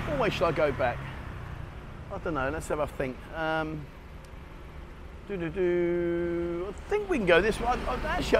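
A man chatting enthusiastically as he walks the streets, vlogging with a handheld camera. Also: a little high. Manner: chatty, enthusiastic, rambling with fillers. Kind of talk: casual walking vlog. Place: outdoors on city streets. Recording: street noise, traffic behind.

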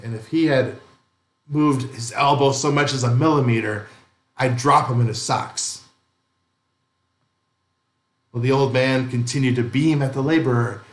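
A man's voice: mid-range voice, reverberant. A male pastor reading a story aloud in dramatic first person during a sermon.

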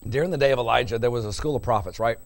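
A pastor delivering a sermon, moving from quiet storytelling to loud, emphatic preaching. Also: male voice, mid-range voice, racing, gravelly.

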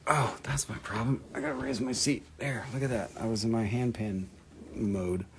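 A man's voice: medium pitch, steady tone, moderate pace, noisy background. A man hosting a live stream where he sells crystals, talking in a chatty, joking way. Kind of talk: casual live sales stream.

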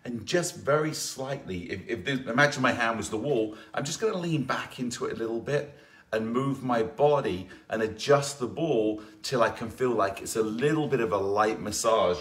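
A man's voice: medium pitch, normal speed, a bit bright. A man leading a live online workout class as fitness instructor, chatty and encouraging, greeting viewers by name between rambling asides.

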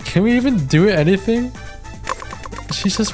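A male gaming YouTuber does excitable let's play commentary, swearing and stammering as he reacts to the game. His voice is medium-pitched and slow, with soft music playing in the background.

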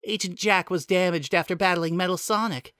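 A man voicing a worried female AI agent in a pitched-up falsetto-like voice, urgent and nervous. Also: steady tone, fairly quick, sharp tone, smooth, no echo, clean studio sound.

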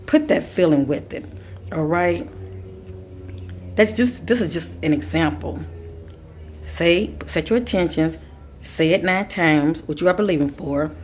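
A woman's voice: sits low, measured pace, long pauses. A woman giving a spiritual advice monologue, speaking with a repetitive, preacher-like cadence and calling her listeners kings and queens. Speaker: spiritual teacher.

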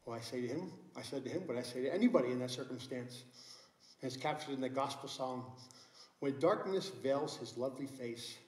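A man's voice: mid-range voice, fast talker, roomy sound, rough recording. A middle-aged man preaching a sermon as pastor, telling a story earnestly with many restarts. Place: church sanctuary.

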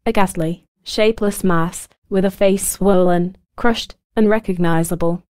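A woman voicing a shaken British army officer with second sight, speaking low and firm. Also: fairly even intonation, darkish tone, dry recording, natural voice. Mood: grave. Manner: low, firm, slow confession.

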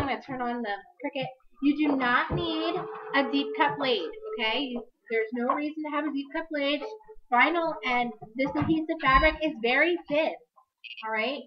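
A woman's voice: sits high, moderate pace, dull audio, noisy background. A woman hosting a live crafting demonstration, chatty and upbeat, correcting herself as she goes, her voice a little worn. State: slightly losing her voice. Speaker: crafting demo host.

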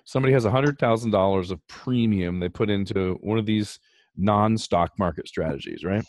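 A man's voice: on the low side, moderate pace, a little mellow, no room sound. Guy hosting a podcast, emphatic, talks through the math, dry close sound. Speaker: podcast host. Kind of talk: casual explanatory chat.

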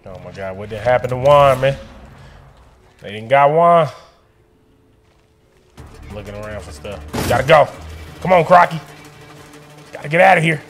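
Excitable man narrating his gameplay. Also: mid-range voice, normal speed, creaky, pauses often, soft background music. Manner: animated, talks to himself and the game, slangy. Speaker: gaming streamer.

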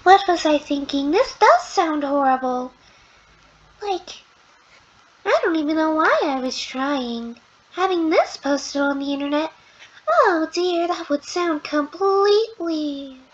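A woman doing a high-pitched, prissy young voice, fretting and picking at herself as she talks at home by her computer. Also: animated, slow pace, dull audio. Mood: fretful. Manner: fretful, self-critical rambling.

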